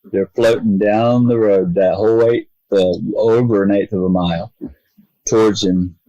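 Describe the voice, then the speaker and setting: A middle-aged man from the United States, a podcast guest telling a long personal story in an earnest, halting way, voicing the people in it. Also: lowish voice, fairly even intonation, warm tone, no echo, muffled recording.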